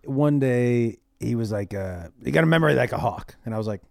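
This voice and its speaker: A man, a comedian guest on a podcast, telling animated, profane stories in casual chat. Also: medium pitch, a little fast, vocal fry, no echo.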